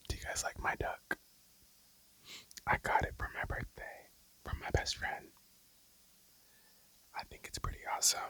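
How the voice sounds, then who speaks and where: A young adult of about twenty talking in a breathy whisper through a mukbang ASMR video, casual and blunt, swearing and rambling between bites. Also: sharp tone, poor audio. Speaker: mukbang vlogger.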